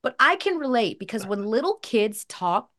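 A woman hosting a podcast, telling stories in a lively, animated way with acted-out quotes. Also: fairly high pitch, normal speed. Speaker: podcast host. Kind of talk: casual chat.

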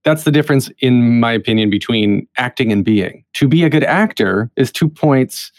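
A man hosts a casual podcast, his voice swinging lively in pitch as he talks ideas through with a guest. He restarts phrases often in a relaxed, conversational way. The recording is close and dry. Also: moderate pace, dry recording. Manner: conversational, thinking aloud with restarts. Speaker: podcast host.

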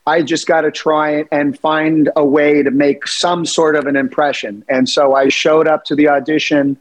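A man with a slightly higher voice, a guest actor on an interview. He tells stories with gusto and acts out the lines he quotes. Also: level tone, moderate pace. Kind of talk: interview anecdotes.

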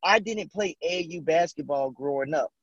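A man's voice: on the high side, moderate pace, slightly rough, no echo, muffled recording. A man, telling stories as a podcast guest, acting out quotes and laughing often. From Houston, Texas. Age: late 30s. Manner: animated storyteller, acts out quotes, laughs often. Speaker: guest, former basketball player. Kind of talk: casual storytelling interview.

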